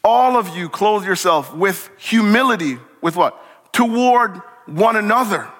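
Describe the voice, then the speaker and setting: A man preaching a sermon as a church pastor, conversational and animated, acting out little scenes from the text. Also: high voice, a little slow. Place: church sanctuary. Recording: long hall reverb.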